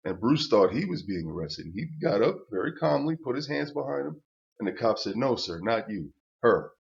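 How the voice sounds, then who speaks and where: Older guy, mid-pitched, cursing storyteller who restarts a lot; dull lo-fi recording. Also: very animated, fairly quick, vocal fry. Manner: rambling, profane storytelling with restarts. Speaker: channel host. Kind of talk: ranting personal story to camera.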